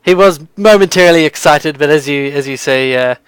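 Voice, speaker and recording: A man's voice: a little high, fairly quick, clean tone, no room sound. A man narrating a tabletop game as game master, rambling with lots of fillers.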